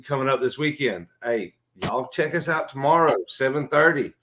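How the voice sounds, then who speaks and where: A man's voice: medium pitch, animated, normal speed, a bit bright, slight background noise. A man co-hosting a sports podcast in a laid-back, friendly way. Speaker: podcast co-host. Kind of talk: casual sports podcast chat.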